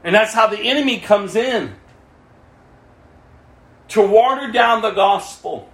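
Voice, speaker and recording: A man with a notably high voice preaches his testimony with fervor. He swings from loud outbursts to low, hushed passages. The sound carries the echo of a reverberant room. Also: lively intonation, measured pace. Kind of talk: impassioned testimony sermon.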